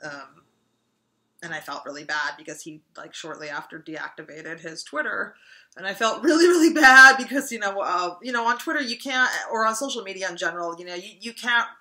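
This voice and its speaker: 30s woman telling an old story, rambly, bright sounding voice. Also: on the low side, a little fast, rough recording. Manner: rambling, heavy with fillers. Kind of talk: personal anecdote told casually.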